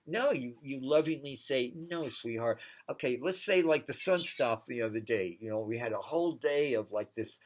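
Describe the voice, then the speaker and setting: A man's voice: mid-range voice, moderate pace, hardly any pauses. A man working as a psychic, giving a casual, rambling tarot reading that wanders from one thought to the next. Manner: rambling, digressive.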